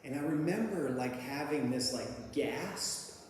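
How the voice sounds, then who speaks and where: A man's voice: on the high side, lively intonation, measured pace, a little mellow, a little hiss or hum. A man telling a personal recovery story in casual, rambling talk, with lots of fillers and restarts, and laughing at his own story. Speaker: speaker sharing a recovery story. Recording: very echoey hall with long reverb.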